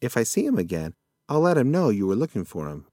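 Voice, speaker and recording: Guy doing a muddled old possum, folksy and rambly, voice jumps up high, dry sound. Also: huge pitch swings, fast talker, mellow, no echo. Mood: rambling.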